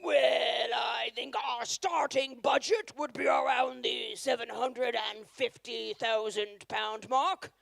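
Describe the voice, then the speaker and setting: A woman putting on the voice of a wealthy, posh house hunter for a stand-up bit, loud and exaggerated. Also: on the high side, fairly even intonation, slow, gravelly, few pauses, no room sound, full character voice. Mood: boastful.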